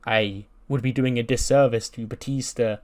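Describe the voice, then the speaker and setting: A man's voice: medium pitch, fairly even intonation, normal speed, darkish tone, lightly acted. A man voicing an earnest young woman wrestling champion in a game recap, in his own plain voice.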